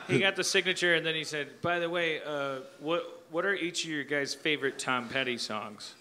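A man with a very bright, slightly high voice rambles through stories while hosting a live comedy podcast. He bounces between asides and restarts and slips into mock-sung lyrics, with an audience laughing along in the venue. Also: expressive, moderate pace, slight background noise. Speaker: podcast host.

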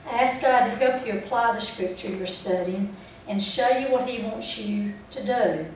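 A woman's voice: a little high, moderate pace, a little mellow, slight background noise. A woman teaching a Bible study group in a folksy way, checking in with them as she goes. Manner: folksy, asks the group questions. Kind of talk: church training talk. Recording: echoey room from far off.

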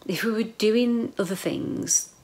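A woman's voice: mid-range voice, slow pace, a little mellow. A middle-aged woman, talking in a rambling, emotional video diary and often dropping into a whisper. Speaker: vlogger. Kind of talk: casual personal video diary.

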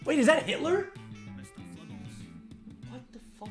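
A gaming streamer doing excitable let's play commentary, swearing a lot and laughing loudly. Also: sits high, a little slow, soft background music.

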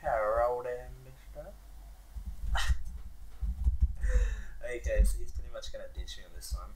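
A young man hosting a gaming video, commentating casually with excitable outbursts and a lot of swearing. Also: medium pitch, fast. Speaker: gaming channel host. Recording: noisy recording.

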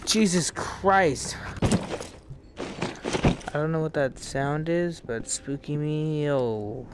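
A man commenting on his own gameplay, excitable and quick to yelp and laugh at scares. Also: on the high side. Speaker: gamer. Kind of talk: let's play commentary. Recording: game sounds and noise behind.

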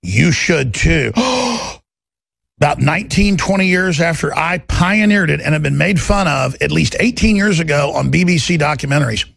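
A man hosting a talk show, ranting in a gravelly, raspy voice and mocking people with put-on voices. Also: a little high, moderate pace, few pauses, fairly bright tone, no echo, clean studio sound. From Texas.

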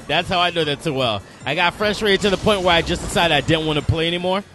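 A man's voice: a little high, fast talker, sharp tone, faint music behind. A man doing game commentary, rambling through explanations and swearing at the enemies on screen. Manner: swears and scolds the game's enemies; rambling, self-repeating explanations. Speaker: let's play host.

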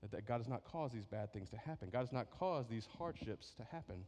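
Pastor preaching in an echoey hall. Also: male voice, mid-range voice, animated, a little fast, a little mellow. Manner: conversational, keeps asking "right?". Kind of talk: sermon. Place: church sanctuary.

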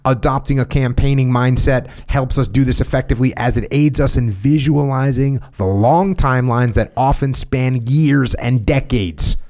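A man's voice: mid-range voice, a little mellow. Teasing man on a podcast. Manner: teasing, asks quick questions. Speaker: podcast guest. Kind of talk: casual chat and reading from a book.

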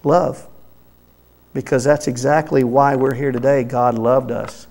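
Male pastor, gravelly voice, church sermon, rises loud then drops soft. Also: mid-range voice, fairly even intonation, unhurried. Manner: swings between loud emphatic bursts and soft hushed phrases. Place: church sanctuary.

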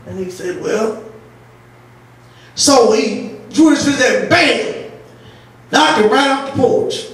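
A woman pastor preaching a sermon, telling stories with laughter and breaking into shouts. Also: fairly high pitch, a little slow, pauses often. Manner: storytelling with laughter, rising to shouts. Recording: echoey church audio from far off.

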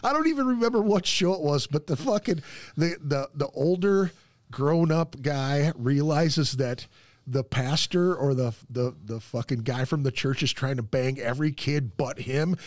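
A man hosting a podcast, chatting casually and telling animated stories full of swearing. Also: fairly high pitch, normal speed, no echo. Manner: animated, profane storytelling. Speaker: podcast host. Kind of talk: casual chat.

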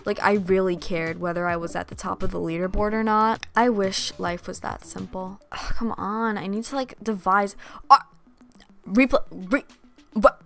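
A young woman giving casual commentary over gameplay, sarcastic and excitable, shrieking at tense moments and trash-talking opponents. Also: medium pitch, normal speed, vocal fry. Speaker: gaming YouTuber.

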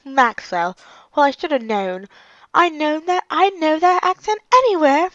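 A woman's voice: high-pitched, measured pace, a bit bright, no room sound, lo-fi sound, voice pushed up. A woman voicing a bossy female ghost hunter in an amateur fanfic read-aloud, dramatic and exclaiming.

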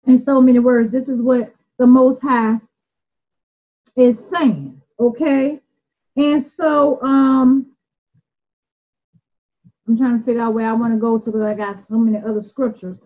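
A woman with a Southern US drawl leads an informal Bible study in a high, earnest voice. She talks plainly, circling back and restarting her words as she explains them. The sound is muffled and lo-fi. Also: fairly even intonation, a little slow, pauses often. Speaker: Bible teacher.

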